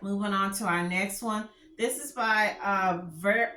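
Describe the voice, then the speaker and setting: A woman's voice: medium pitch, fairly even intonation, unhurried, bright, forceful tone, reverberant, a little hiss or hum. A woman with a country Texas drawl chatting candidly as she reviews fragrances, often restarting her sentences. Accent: Texan. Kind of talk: casual product review chat.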